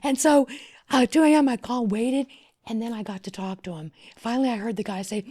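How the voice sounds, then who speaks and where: A middle-aged woman from Louisiana with a husky, breathy voice shares her story as a podcast guest. Her delivery is expressive: she dips into near-whispers and then climbs with excitement. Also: a little high, fairly quick. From Louisiana, USA. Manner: expressive, often drops to a whisper or rises excitedly. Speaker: podcast guest, wedding planner. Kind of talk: animated storytelling in conversation.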